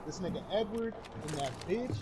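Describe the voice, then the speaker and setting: A man's voice: high voice, animated, fairly quick, background noise. A young man casually telling a profane story while gaming, acting out each quote. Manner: profane, acts out every quote. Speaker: streamer. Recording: loud game gunfire behind.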